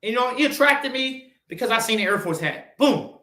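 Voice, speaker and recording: A man's voice: expressive, a little fast. Blunt, profane man preaching in an echoey room. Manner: blunt, profane, preachy, swings from loud to low. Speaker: podcast host. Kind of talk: motivational monologue.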